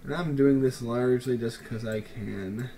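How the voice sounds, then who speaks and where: A man's voice: mid-range voice, moderate pace, dark tone, slight background noise. A young man giving casual, joking commentary over a city-building game, full of playful, mock-grand asides to the viewers. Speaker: let's play commentator.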